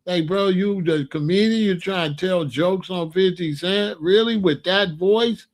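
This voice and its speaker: A man's voice: high voice, unhurried. A young man giving a ranting commentary, incredulous and exasperated as he scolds and asks questions.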